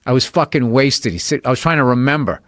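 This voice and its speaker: Lively, laughing man telling stories. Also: medium pitch, fast, no room sound, clean studio sound. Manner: animated storytelling, swearing, laughing often. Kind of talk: casual chat.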